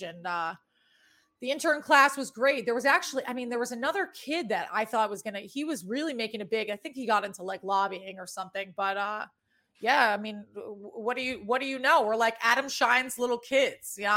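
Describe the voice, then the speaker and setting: A woman's voice: on the high side, bright, forceful tone. Chatty Boston-accented woman host. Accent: Boston with a New York tinge. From New England. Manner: rambling, chatty, casually profane. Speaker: sports betting show host. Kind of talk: casual sports chat.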